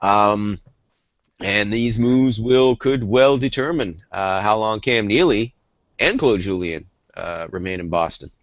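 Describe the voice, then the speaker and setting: A man's voice: fairly low pitch, takes it slowly, no echo, dull audio. A man co-hosting a hockey talk show, rambling in casual chat with lots of fillers and restarts.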